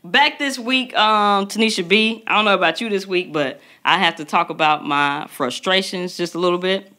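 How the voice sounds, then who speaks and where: Bright-voiced woman podcast co-host, animated. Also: mid-range voice, moderate pace. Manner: animated storytelling, acts out quotes. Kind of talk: casual chat.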